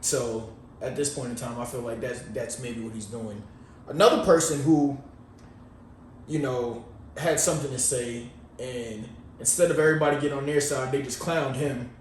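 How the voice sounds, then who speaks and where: A man co-hosting a podcast in casual chat, joking and rambling with animated asides. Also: mid-range voice, normal speed. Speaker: podcast co-host. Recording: very echoey, distant mic, faint noise.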